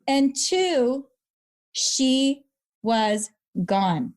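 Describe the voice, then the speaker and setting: A woman's voice: high-pitched, moderate pace. Earnest woman telling her story. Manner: earnest, animated, repeats words when moved. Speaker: guest, brain injury survivor. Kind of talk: emotional personal storytelling.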